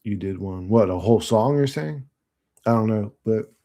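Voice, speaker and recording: Speaking at a normal speed in a lower, darkish-toned voice, a Floridian in his late thirties hosts a channel and goes through viewer comments. His monologue is casual and rambling, thick with profanity and fillers.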